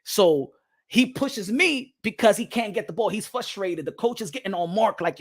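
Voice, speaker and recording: Male host, emphatic storyteller who bursts into loud acted-out quotes. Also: high-pitched, animated, normal speed. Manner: emphatic, repeats phrases, acts out quotes loudly. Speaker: boxing podcast host. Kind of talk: animated storytelling.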